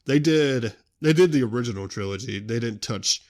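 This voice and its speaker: A man's voice: mid-range voice, moderate pace. A young man rambles eagerly on his podcast, hopping between thoughts and correcting himself as he goes. His voice sits in an ordinary middle register, and his chat is loose and unscripted. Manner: excitable, rambling, self-interrupting. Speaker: podcast host.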